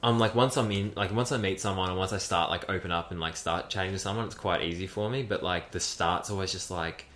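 Low-voiced rambling podcast host. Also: male voice, fast, hardly any pauses, a bit bright, reverberant. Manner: rambling, heavy use of "like", laughs often. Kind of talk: casual chat.

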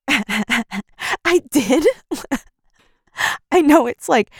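A young woman co-hosting a casual book podcast, lively, acting out characters in quick put-on voices and laughing often. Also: high-pitched, breathy edge, no room sound, studio quality. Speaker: podcast co-host. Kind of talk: casual book-club chat.

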